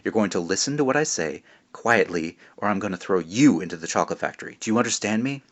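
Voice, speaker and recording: A man's voice: lowish voice, animated, quick pace. A man voicing an annoyed, bossy schoolgirl who brushes things off sharply, in a storybook reading. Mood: threatening. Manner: sharp and dismissive, raised voice.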